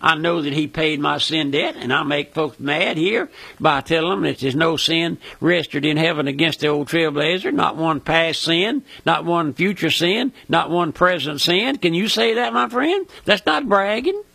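A man's voice: on the high side, moderate pace, vocal fry, bright, forceful tone, breathy edge, no room sound. An older man with a Mississippi Southern accent, preaching a folksy, fervent radio sermon that is full of "my friend" and "listen".

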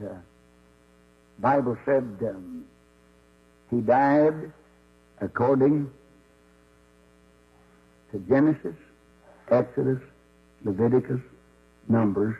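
A man's voice: mid-range voice, animated, takes it slowly, pauses often, slightly rough. A man preaching a folksy sermon as a Baptist preacher, telling Bible stories and acting out the voices in them. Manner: storytelling, acts out voices of God and Moses. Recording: dull lo-fi recording with mains hum.

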